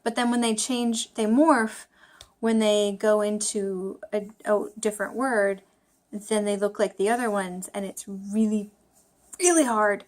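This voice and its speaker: A woman's voice: mid-range voice, fairly even intonation, measured pace. Chatty woman vlogging her study session. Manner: chatty, self-deprecating, thinking aloud with fillers. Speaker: language-learning vlogger. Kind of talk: casual study vlog.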